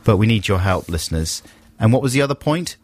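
A man's voice: fairly low pitch, quick pace, no echo. A man presenting a radio show, bantering with his co-host and laughing often. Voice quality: laughs often, animated delivery. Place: radio studio. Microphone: studio microphone.

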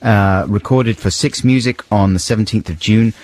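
A man's voice: on the low side, normal speed, a little mellow. A man co-presenting a radio show in a studio, chatty and jokey, rambling with restarts. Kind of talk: casual radio banter. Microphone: studio microphone.

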